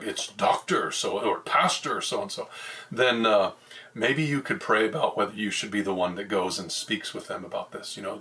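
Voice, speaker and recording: A man's voice: on the low side, fairly bright tone, far from the mic. A middle-aged man, a pastor, teaching from the Bible in a plain-spoken, conversational way with frequent restarts.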